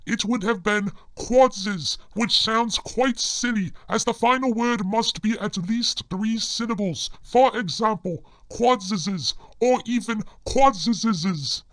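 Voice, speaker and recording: A man giving scripted comedic narration in a formal, deadpan manner. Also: high voice, no echo.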